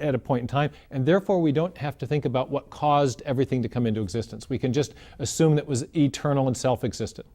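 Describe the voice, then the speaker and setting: A man explaining cosmology in a measured lecture style, often restarting his phrases as he works through an idea. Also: a little high, dark tone.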